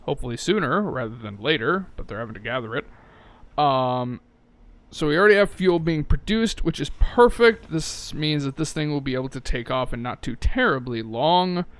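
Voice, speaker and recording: A man's voice: fairly high pitch, expressive, moderate pace, a bit bright, no echo. A man giving casual gameplay commentary, thinking aloud and correcting himself, with frequent swearing. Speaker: let's-play gamer.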